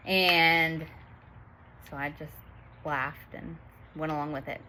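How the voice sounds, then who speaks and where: A woman's voice: sits low, slow pace, long pauses, bright, forceful tone, a little hiss or hum. A woman in her thirties telling a family story in a chatty vlog, laughing often as she talks. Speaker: vlogger and mother.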